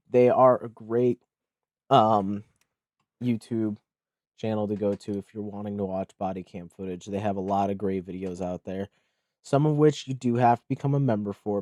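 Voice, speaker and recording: A man streaming live, talking casually and excitably, swearing freely and laughing often. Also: medium pitch, dry recording.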